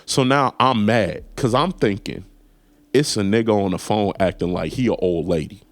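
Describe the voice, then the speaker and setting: A man's voice: fairly low pitch, moderate pace, no room sound. A man hosting a casual talk show, telling a comedic story and acting out both sides of a phone call in put-on voices. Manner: animated, acts out phone calls in put-on voices. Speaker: podcast host.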